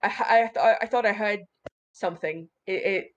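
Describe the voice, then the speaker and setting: A woman's voice: mid-range voice, moderate pace, dull audio, lightly acted. Woman doing a stammering timid ogre. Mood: timid, apologetic. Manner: stammering, hesitant. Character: timid forgetful male ogre, stammering, tearful.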